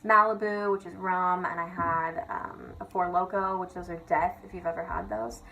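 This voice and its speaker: A woman's voice: on the low side, little pitch movement, moderate pace, sharp tone, rough recording. Giggly young woman telling stories, swearing. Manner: giggly, profane, filler-heavy with constant "like". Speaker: vlogger. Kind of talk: casual storytelling rant.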